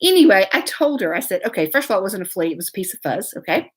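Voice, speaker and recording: A woman's voice: medium pitch, big pitch swings, fast talker, slightly rough. A woman hosting a live show, telling a long story in a chatty, laughing way and greeting commenters as she goes. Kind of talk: casual storytelling live stream.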